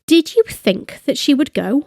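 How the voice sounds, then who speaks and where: A woman narrating a scripted language lesson, speaking slowly and carefully with deliberate enunciation. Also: sits high, expressive. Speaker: language teacher.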